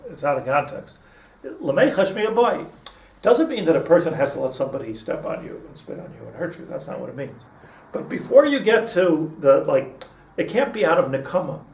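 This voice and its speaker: A man's voice: a little high, gravelly. A man teaching a casual Torah class, rambling with many restarts and mixing in Hebrew terms. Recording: echoey room, mic at a distance, faint hum.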